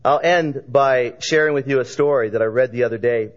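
A man preaching a sermon, telling a story with lively voices for its characters. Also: medium pitch, fairly quick, muffled recording. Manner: animated storyteller, voicing characters in dialogue.

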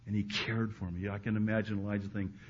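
A male preacher delivering a sermon to a live congregation, dropping to hushed, intimate lines and then rising to loud, emphatic ones. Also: fairly low pitch, flat delivery, quick pace. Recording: muffled recording with faint background hiss.

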